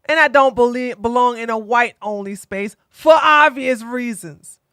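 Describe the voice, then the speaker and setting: A woman giving blunt, opinionated commentary as an online streamer, animated and fond of mocking impressions. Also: fairly high pitch, measured pace, clean tone, dry recording, clean studio sound.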